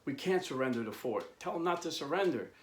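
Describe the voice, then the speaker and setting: A man's voice: fairly high pitch, lively intonation, a little fast, natural voice. A man voicing an earnest young American lawyer in a retold story, pleading and sincere.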